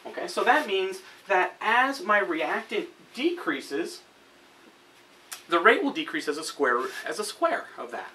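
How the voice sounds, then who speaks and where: Standing at a classroom whiteboard, a male chemistry teacher gives a chatty lesson at a measured pace, his high voice bright, forceful, and very animated. Self-corrections and "okay?" check-ins come often, and the distant camera mic across the room adds a faint hiss.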